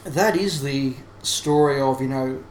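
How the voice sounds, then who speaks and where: Unhurried and mid-range in pitch, a man co-hosts a laid-back podcast conversation, thinking aloud analytically and frequently beginning his sentences again. The recording is roomy, carrying a faint hiss.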